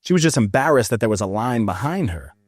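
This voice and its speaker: A man's voice: mid-range voice, expressive, fast, dry recording, clean studio sound. Earnest storytelling man on a podcast. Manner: calls listener "brother". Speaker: podcast guest. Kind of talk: casual interview chat.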